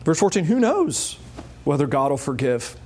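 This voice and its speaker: A man preaching an expository sermon, emphatic, with wry asides and high urgent peaks on key points. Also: sing-song, normal speed, darkish tone, slight background noise. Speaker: pastor.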